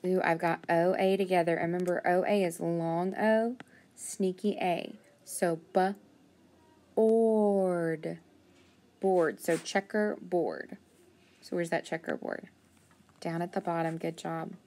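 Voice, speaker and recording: A woman teaching a phonics lesson, thinking aloud and patiently sounding out words, with steady praise. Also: lowish voice, normal speed.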